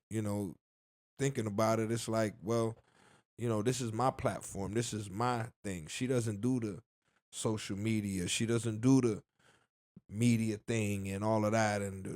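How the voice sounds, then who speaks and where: A man, a rapper and podcast guest, talking in a subdued, halting way, full of "you know" fillers. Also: fairly low pitch, darkish tone. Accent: Southern US, Miami. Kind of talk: casual interview talk.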